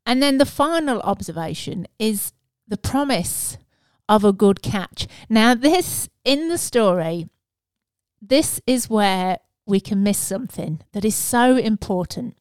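A woman's voice: a little high, lively intonation, a little slow, clean tone, no room sound. Earnest woman giving a casual sermon. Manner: earnest, conversational, with fillers and restarts. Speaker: preacher.

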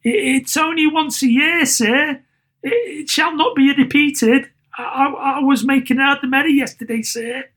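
A man's voice: very high-pitched, unhurried, a bit bright, pitched above the performer's own voice. A man voicing a timid, flustered young male clerk who stammers nervous apologies.

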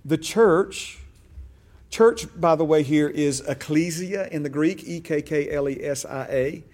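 A man's voice: a little high, unhurried, darkish tone. A man teaching a Bible class in a conversational way, repeating phrases for emphasis and checking that his listeners follow him.

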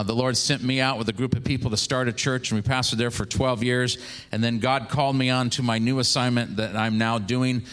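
A preacher in his forties from the Seattle area, telling a story to his congregation. His voice sits a little high for a man, and he acts out each person in the tale with lively changes of voice. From Seattle, Washington area. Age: 40s. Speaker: traveling minister, former pastor. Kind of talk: storytelling sermon.

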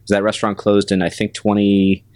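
A man in his forties, a restaurant manager and guest, telling stories in a measured way with many pauses and fillers. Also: fairly low pitch, completely flat delivery, a little mellow, dry recording. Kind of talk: casual interview storytelling.

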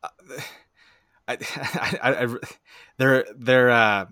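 A man chatting casually as a podcast guest, telling long, halting stories full of restarts. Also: mid-range voice, steady tone, pushed and bright, clear, resonant tone, no echo, clean studio sound. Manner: rambling, halting storytelling with many restarts. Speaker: podcast guest, bird owner. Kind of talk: casual chat.

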